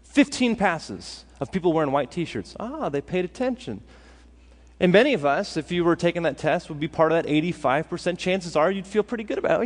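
A man preaching a sermon as pastor, animated and acting out what his listeners think. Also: on the high side, brisk. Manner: animated, acts out listeners' thoughts. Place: church sanctuary. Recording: long hall reverb.

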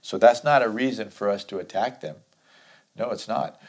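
A man's voice: fairly low pitch, moderate pace. A man teaching through a Bible chapter verse by verse, reading scripture aloud and then explaining it in a conversational way.

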